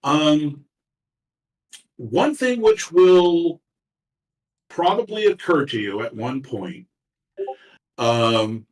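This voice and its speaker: Man game master, halting and full of fillers, echoey room, off-mic. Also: fairly high pitch, very animated. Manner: halting, many fillers and restarts. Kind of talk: narrating a tabletop game. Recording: roomy echo, far from mic.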